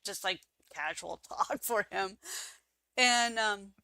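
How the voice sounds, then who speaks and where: A woman guest talking slowly and unhurriedly, her voice bright and forward. She tells her stories in a casual, animated way and jumps high in pitch when she quotes other people. The recording is close and dry. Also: dry recording. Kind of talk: casual interview storytelling.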